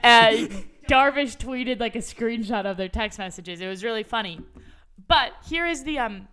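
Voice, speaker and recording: Animated young woman, bright clear voice. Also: measured pace. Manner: animated, swears freely, voice jumps high when excited. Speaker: podcast co-host. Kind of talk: casual sports chat.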